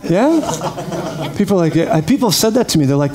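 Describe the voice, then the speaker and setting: A man preaching a lively sermon, energetic and quick to laugh, calling out praise to his congregation. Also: fairly high pitch, crowd noise. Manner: energetic, laughs often, calls out "praise God". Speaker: pastor.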